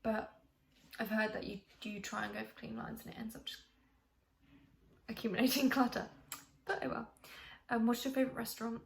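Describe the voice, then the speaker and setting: A woman's voice: fairly high pitch, little pitch movement, a little fast, creaky, pauses often. A young woman from the UK chatting casually to camera as a vlogger, rambling with many ums and restarts. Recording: echoey room, faint hiss.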